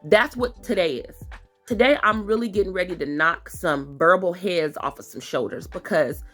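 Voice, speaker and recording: Woman telling her own story, forceful and repeating herself, near tears at times, soft music behind. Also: lowish voice. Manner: emphatic, repetitive and confrontational, at times tearful. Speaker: podcast host. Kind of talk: personal testimony monologue.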